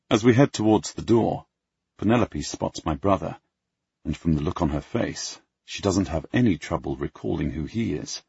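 Brief: low, raspy male narrator, first-person audiobook, dry muffled sound. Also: normal speed, a little mellow, no echo. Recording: dull lo-fi dry recording.

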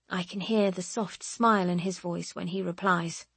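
A woman narrating a first-person audiobook in a wry, measured, expressive way. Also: on the low side, gravelly, husky, no room sound.

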